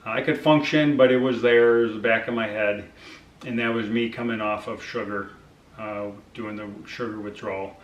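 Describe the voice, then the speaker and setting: A man's voice: lowish voice, fairly even intonation, moderate pace, roomy sound, distant mic, dull audio, a little hiss or hum. A middle-aged man casually recounting his personal diet experience, acting out conversations with his doctor and using many fillers. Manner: conversational, acts out dialogue with frequent fillers. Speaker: vlogger sharing his diet journey.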